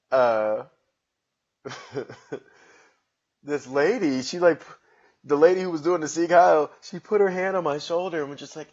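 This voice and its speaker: A man's voice: a little high, breathy edge, muffled recording. Wry, profane man telling a story. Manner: profane, wry and self-mocking. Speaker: podcast host. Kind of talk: casual storytelling.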